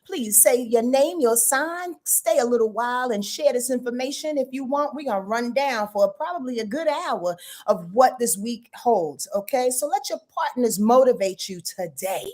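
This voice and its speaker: A woman hosts a casual astrology live stream in a lively, chatty way, talking directly to her viewers. Her voice sits a little high and leaps up and down. She is goofy and laughs easily at her own stumbles. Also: normal speed, few pauses. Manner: animated, chatty, addresses viewers as y'all.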